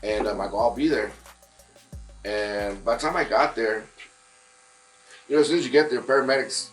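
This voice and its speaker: A man's voice: mid-range voice, normal speed, soft background music, poor audio. Man telling a story in a barbershop. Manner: rambling storytelling with many fillers and restarts. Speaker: guest musician. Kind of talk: casual chat.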